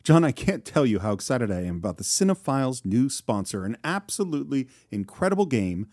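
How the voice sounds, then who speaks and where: A man's voice: medium pitch, big pitch swings, a little fast, a little mellow, dry recording, studio quality. A man co-hosting a podcast, reading a sponsor ad in an upbeat, salesy way. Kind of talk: scripted sponsor read.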